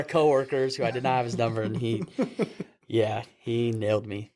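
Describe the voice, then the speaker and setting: A young man, an EMT and podcast host, telling a story with lively acted-out quotes and frequent laughter. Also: mid-range voice, normal speed. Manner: animated storyteller, acts out quotes, laughs often. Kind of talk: casual storytelling chat.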